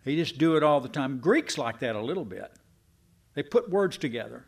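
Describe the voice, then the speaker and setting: A man's voice: medium pitch, big pitch swings, normal speed, gravelly, husky. A man preaching a sermon, folksy and self-deprecating with his congregation. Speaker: pastor.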